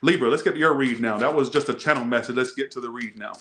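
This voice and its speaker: A man's voice: medium pitch, quick pace, fairly bright tone, slight background noise. A man hosting a tarot reading video, chatting casually with rambling, joking asides. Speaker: tarot reader.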